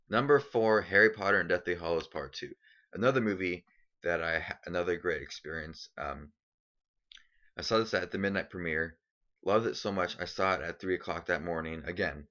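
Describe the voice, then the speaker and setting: A man's voice: deep voice, normal speed, pushed and bright, dull audio. A young man ranking his favorite films in a casual vlog, enthusiastic and rambling with lots of ums. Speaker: movie vlogger. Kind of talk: casual movie countdown vlog.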